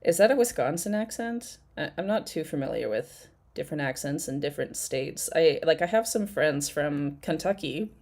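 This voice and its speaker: A woman's voice: low-pitched, lively intonation, normal speed, darkish tone. A woman hosting a casual live chat, rambling and swearing freely as she reacts to clips. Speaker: host.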